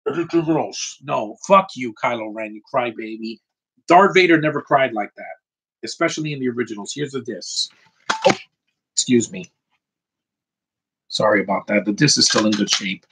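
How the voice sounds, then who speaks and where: A man's voice: medium pitch, animated, moderate pace, pauses often, noisy background. A man in his thirties showing off his collectibles on camera, talking in an opinionated, rambling way with plenty of mild swearing. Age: 30s. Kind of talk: casual ranting vlog.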